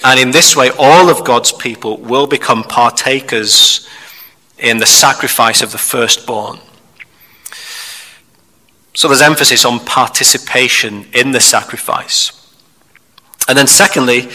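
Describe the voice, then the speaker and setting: A man preaching a measured expository sermon, turning to the listeners with rhetorical asides. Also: medium pitch, steady tone, pushed and bright. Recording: long hall reverb.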